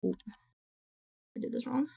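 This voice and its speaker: A young woman streaming live, chatting casually, reading chat aloud and swearing a lot when excited. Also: unhurried.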